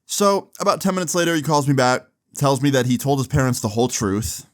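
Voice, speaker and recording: A young man casually telling a long personal story, slangy and animated, acting out both sides of phone calls. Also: mid-range voice, brisk.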